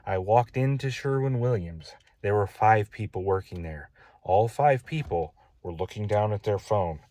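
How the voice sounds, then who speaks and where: A man's voice: lowish voice, expressive, moderate pace, warm tone, dry recording. A man building his own house, telling a casual, exasperated story in a vlog and repeating his gripes.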